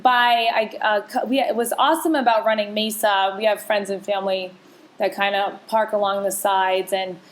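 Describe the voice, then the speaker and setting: A woman with a mid-range voice speaks at a moderate pace in a steady tone, co-hosting a podcast in loose, candid conversation. She's open and emotional, chatting freely while often circling back and restarting her sentences.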